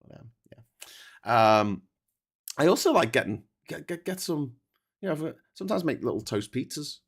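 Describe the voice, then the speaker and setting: A man's voice: fairly high pitch, very animated, moderate pace, creaky, slightly rough. A man hosting a casual livestream chat, rambling and sweary, often tagging on "right?". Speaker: host.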